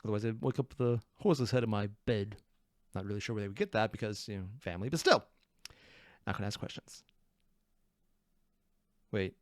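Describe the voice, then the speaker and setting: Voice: mid-range voice, brisk, long pauses, dry recording, clean studio sound. A person hosting a reaction video, chatting casually, laughing often and cutting themselves off mid-thought. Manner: excitable, laughing, self-interrupting.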